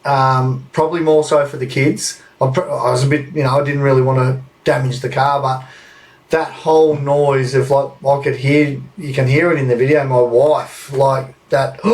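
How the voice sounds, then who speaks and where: A man's voice: mid-range voice, flat delivery, normal speed, darkish tone, recorded from a distance. A man in his thirties with an Australian accent, telling a rambling anecdote on a podcast and swearing freely. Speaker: podcast host. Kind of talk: casual storytelling.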